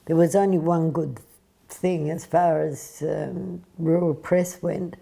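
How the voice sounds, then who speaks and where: A woman tells workplace stories in an interview, unhurried and pausing now and then. Her voice is low and dark, and she speaks slowly. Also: steady tone, gravelly. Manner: unhurried storytelling with hesitations. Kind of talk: anecdotal interview.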